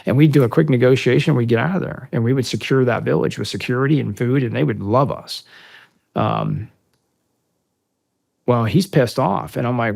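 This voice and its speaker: A man in his fifties from the United States, with a gravelly, rough-edged voice at a middle pitch, sits as a podcast guest recounting his service days. He talks casually and swears freely, and when he reaches the dialogue he throws himself into it, voicing each exchange out loud with real force. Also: normal speed. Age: 50s. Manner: animated, profane storyteller who acts out dialogue loudly. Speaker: podcast guest, military veteran. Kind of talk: casual storytelling in a long-form interview.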